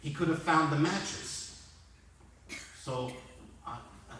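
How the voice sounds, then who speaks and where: A man's voice: a little high, slow pace, long pauses. A man in his sixties giving a roast speech, telling dry, self-mocking anecdotes. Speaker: roast speaker. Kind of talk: roast comedy storytelling. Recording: echoey hall from far off, loud noise.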